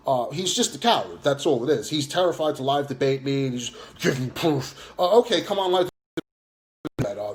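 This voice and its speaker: A man's voice: mid-range voice, a little mellow. A man livestreaming a combative rant, reading chat aloud and taunting viewers, swearing and jeering as he goes. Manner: swears and jeers.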